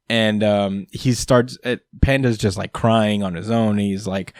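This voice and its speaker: A man's voice: on the low side, steady tone, takes it slowly, clear, resonant tone, dry recording, studio quality. A man hosting a podcast, recapping a comic chapter in casual chat, rambling with many fillers and frequent chuckles. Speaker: podcast host.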